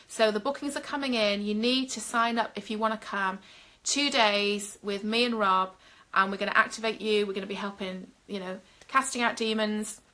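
A middle-aged woman minister leads a live-streamed prayer session in a mid-range voice with a bright, forceful tone. She's fervent, addressing viewers directly and often saying "um."

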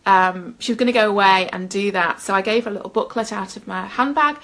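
A woman's voice: mid-range voice, quick pace, a bit bright. A woman giving a personal testimony in an earnest storytelling manner, often laughing at herself. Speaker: Christian speaker.

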